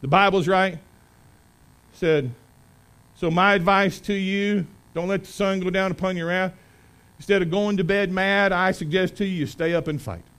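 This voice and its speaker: High-voiced pastor preaching with folksy swings. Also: male voice, fairly even intonation, normal speed, clean tone, rough recording. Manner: folksy, swings from loud emphasis to quiet asides. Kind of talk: sermon. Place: church sanctuary.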